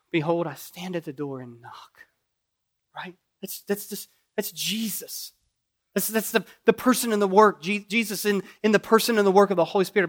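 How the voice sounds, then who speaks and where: A middle-aged man with a Kentucky accent preaching a sermon, rising loud when pleading and dropping soft and low in prayer. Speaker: pastor.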